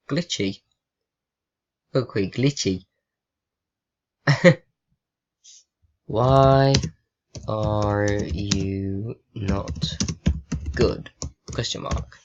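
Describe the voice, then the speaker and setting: A man's voice: fairly low pitch, steady tone, drawn-out words, pauses often, muffled recording. A young man with a sarcastic, swearing manner, chatting with a chatbot and reading his typed questions aloud. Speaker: vlogger. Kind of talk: casual chat with a chatbot.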